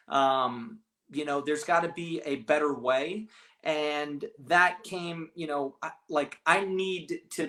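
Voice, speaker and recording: A man's voice: a little high, sharp tone. A man, a real estate agent, talking casually in an interview, rambling with many restarts and fillers. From California, raised partly abroad.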